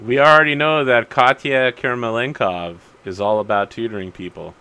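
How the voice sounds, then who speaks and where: Bright-voiced playful game master man. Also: mid-range voice, steady tone, moderate pace, clean tone. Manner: playful, teasing. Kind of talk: narrating a tabletop game.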